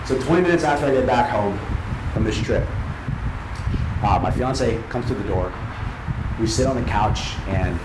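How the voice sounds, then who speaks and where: Earnest man giving an emotional testimony. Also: medium pitch. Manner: earnest, emotional, with dramatic pauses. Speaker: speaker at an event. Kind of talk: personal testimony speech. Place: large hall at a live event. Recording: echoey hall with background noise.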